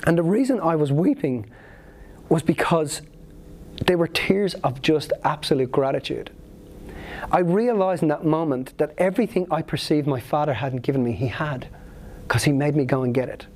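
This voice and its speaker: A man's voice: on the high side, moderate pace, darkish tone, slight background noise. A man speaking at a seminar, telling a personal story in an earnest, emotional, vivid way.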